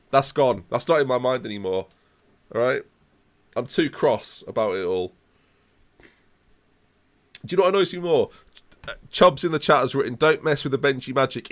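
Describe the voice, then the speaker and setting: A man's voice: medium pitch, a bit bright. A man in his late twenties, a streamer ranting in theatrical mock outrage during a live game stream, rambling and repeating himself. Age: late 20s. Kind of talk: live gaming stream rant.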